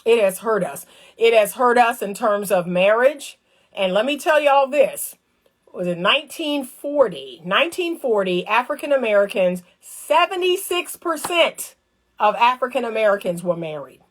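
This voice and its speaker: Woman, somewhat high voice, casual commentary, animated, colloquial, repeats herself for emphasis. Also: normal speed. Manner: animated, talks straight to viewers, acts out little scenes. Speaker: relationship commentator. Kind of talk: casual direct-to-camera commentary.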